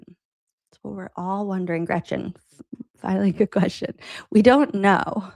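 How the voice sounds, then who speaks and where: A woman's voice: mid-range voice, steady tone, slow pace, gravelly, pauses often, no echo. A woman podcast host reading an interview transcript aloud and adding wry asides between the quotes.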